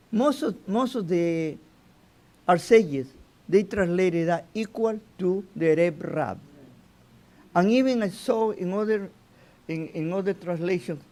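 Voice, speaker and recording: A man teaching an informal Torah lesson as a rabbi, halting and restarting his phrases and often asking "you know?". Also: high-pitched, darkish tone.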